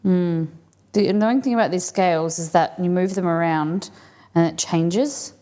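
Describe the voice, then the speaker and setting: A woman's voice: lowish voice, moderate pace, dark tone. A woman hosting a live cooking stream, chatting casually and thinking aloud as she works in a home kitchen.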